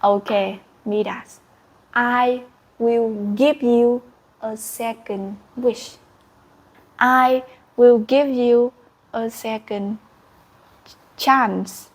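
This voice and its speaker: A woman's voice: steady tone, extremely slow, long pauses. A woman teacher voicing a stern male god who scolds the king. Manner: scolding, lower and softer.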